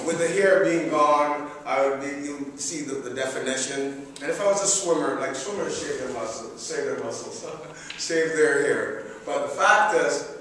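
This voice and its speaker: A man's voice: mid-range voice, far from the mic, a little hiss or hum. Middle-aged man telling a comic story. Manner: animated, chatty, self-mocking. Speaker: public speaker. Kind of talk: humorous speech storytelling. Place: large hall. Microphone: distant room mic. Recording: echoey hall recorded from afar.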